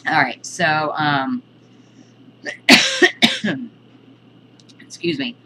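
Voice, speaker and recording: A woman's voice: deep voice, huge pitch swings, drawn-out words, pushed and bright, a little hiss or hum, rough recording. A woman giving a casual spoken lesson on witchcraft, hesitant, with many ums and restarts. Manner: chatty, breaks off to scold her cat. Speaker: witchcraft teacher.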